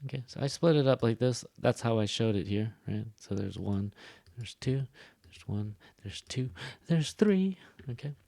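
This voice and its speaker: A man teaching English pronunciation in a relaxed lecture, peppering his talk with fillers and "right?" and exaggerating his intonation to demonstrate. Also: medium pitch, moderate pace, gravelly, no room sound. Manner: frequent fillers and tag "right?". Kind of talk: recorded classroom lecture.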